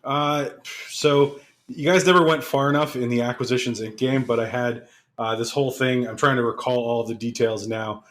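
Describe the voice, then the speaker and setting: A man's voice: mid-range voice, steady tone, moderate pace, hardly any pauses, fairly bright tone. Hesitant man co-hosting a podcast. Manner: hesitant, many filler words. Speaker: podcast co-host. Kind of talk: casual chat.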